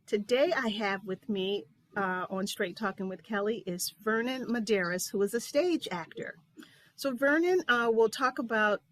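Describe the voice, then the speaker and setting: A woman's voice: fairly high pitch, dry recording. A woman hosting an interview talk show, chatting casually and asking about her guest's life.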